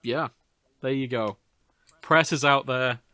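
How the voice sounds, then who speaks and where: A man's voice: medium pitch, steady tone, slow pace, sharp tone, no room sound. A man co-hosting a podcast, chatting casually with dry jokes and reading facts aloud. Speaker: podcast co-host. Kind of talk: casual chat.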